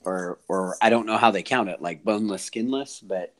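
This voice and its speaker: Man, lowish voice, casual podcast chat, laughs a lot. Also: moderate pace, a bit bright. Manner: chatty, laughs often. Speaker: podcast co-host.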